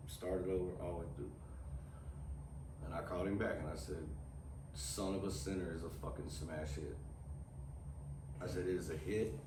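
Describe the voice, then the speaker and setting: A man, a guest telling long, profane, rambling stories in casual chat. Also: low voice. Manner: profane, rambling, animated storyteller. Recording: roomy, distant mic, noisy.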